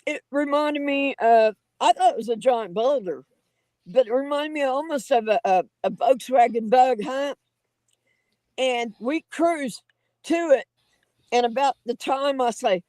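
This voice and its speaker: A woman tells her stories in a high, bright voice, folksy and dramatic, with loose grammar. The sound is close and dry, with no room echo. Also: measured pace. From Oklahoma. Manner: animated, folksy, dramatic telling with rough grammar. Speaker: guest storyteller on a paranormal livestream. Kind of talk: casual livestream storytelling.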